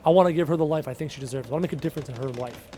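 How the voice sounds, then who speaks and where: A man's voice: a little high, rapid-fire, warm tone, slight background noise. A man from Canada chatting casually on a live game stream, answering chat and repeating himself with emphasis. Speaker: gaming streamer.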